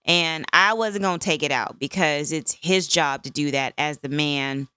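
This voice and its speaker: A woman's voice: low voice, moderate pace, bright, forceful tone, clear, resonant tone, no room sound. A woman in her fifties hosting a solo podcast, talking candidly in a conversational way and often checking in with "right?". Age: 50s. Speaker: podcast host.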